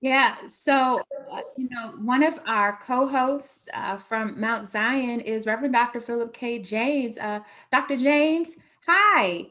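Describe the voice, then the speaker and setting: High-voiced woman moderating a town hall. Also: takes it slowly, few pauses, sharp tone. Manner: earnest, reads audience questions.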